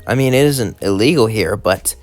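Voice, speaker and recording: A man voicing a stern young woman exorcist who speaks quietly, half under her breath. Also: on the low side, lively intonation, moderate pace, no echo, soft background music, natural voice. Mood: hushed.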